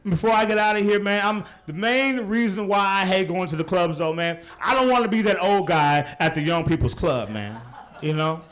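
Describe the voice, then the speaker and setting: A young adult man performing a stand-up routine on a club stage, teasing the crowd in an animated way. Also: high voice, normal speed. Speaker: stand-up comedian. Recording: live club recording with audience noise.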